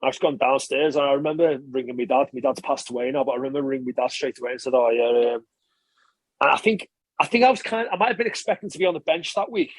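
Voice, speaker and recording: A man, a former rugby player, telling stories in a relaxed interview and chatting casually with frequent swearing and restarts. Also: medium pitch, fast talker, slightly rough, dry recording. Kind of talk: casual conversational storytelling.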